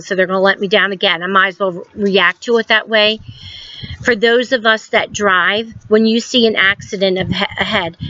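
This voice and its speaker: A woman in her fifties, a school guidance counselor giving a recorded lesson to students, telling a story gently with many ums and reflective questions. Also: medium pitch, dull audio. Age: 50s.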